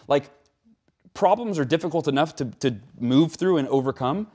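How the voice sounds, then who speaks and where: A man as a guest in an interview, speaking in an animated, conversational way, acting out quotes and often tagging his sentences with "right?". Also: moderate pace. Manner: animated, acts out quotes with rising pitch; frequent "right?" tags.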